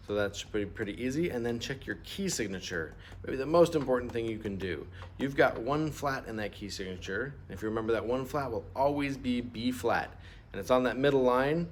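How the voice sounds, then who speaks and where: A middle-aged man teaching a music lesson, patient and explaining step by step, asking students to repeat terms aloud. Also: mid-range voice. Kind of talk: instrument lesson walkthrough.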